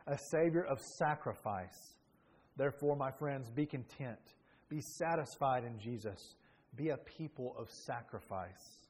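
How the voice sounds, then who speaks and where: A man's voice: mid-range voice, lively intonation, a little slow, a little mellow, slightly rough. A male pastor preaching a sermon with earnest, emphatic delivery that rises in bursts.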